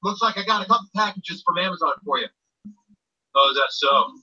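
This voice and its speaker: A brash cartoon townsman with a very high, piercing, husky voice. The clip plays back dull and lo-fi, as if from an old TV speaker. Everything he says comes out sharp and blunt. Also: animated, fairly quick, heavily acted.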